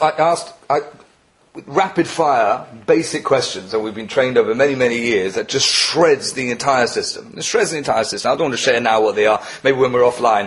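Animated man giving a Torah lecture. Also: medium pitch. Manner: animated, rising emphatic peaks, mixes Yiddish and Hebrew terms; frequent self-repetition and restarts. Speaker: Torah teacher.

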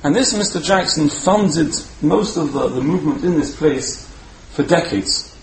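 Man, religious storyteller, lively and repetitive delivery, slightly raised pitch, faint hum behind. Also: measured pace. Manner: animated, repeats words for emphasis. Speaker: Torah speaker. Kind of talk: storytelling sermon. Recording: roomy echo, faint background hum.

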